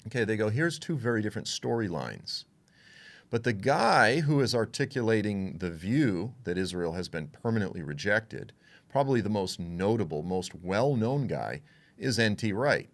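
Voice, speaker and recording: Low-voiced man teaching the Bible. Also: normal speed. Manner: animated, frank, with asides and quoted voices.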